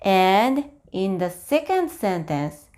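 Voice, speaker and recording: A woman with a Japanese accent teaching a language lesson, speaking very slowly and deliberately and breaking sentences into pieces. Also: mid-range voice, very animated, darkish tone. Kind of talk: slow, clear online language lesson.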